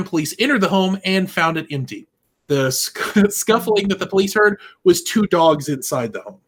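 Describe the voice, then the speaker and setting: A man's voice: on the high side, fairly bright tone. A man co-hosting a podcast, chatting casually, often agreeing and making wry jokes, also reading out news items. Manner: agreeable, many "mm-hmm" and "oh yeah", wry jokes. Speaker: podcast co-host. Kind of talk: casual chat.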